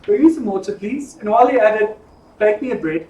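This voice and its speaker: A man's voice: sits high, expressive, brisk, warm tone. A man voicing a bold, blunt prophet with a casual, mocking manner. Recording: echoey room from far off.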